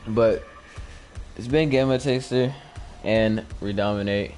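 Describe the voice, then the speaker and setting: Faint music plays behind a young man with a lowish, slightly dark voice who speaks a touch slowly. A gaming YouTuber streaming live from home mid-game, he tells a rambling, casual story into his new desk microphone, heavy on "like," acting out quoted lines.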